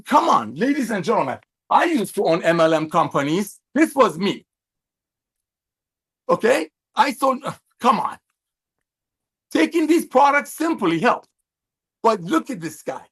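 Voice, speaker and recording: A man's voice: high-pitched, a bit bright, slightly rough. A middle-aged man giving a fervent, preachy sales training talk over a video call, firing off rhetorical questions and gushing praise. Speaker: network marketing trainer.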